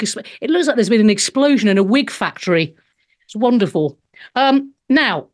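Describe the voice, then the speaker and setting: A woman in her fifties, a stand-up comedian hosting a show, sarcastically reading out and mocking news headlines, swearing freely. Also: medium pitch. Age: 50s. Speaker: host.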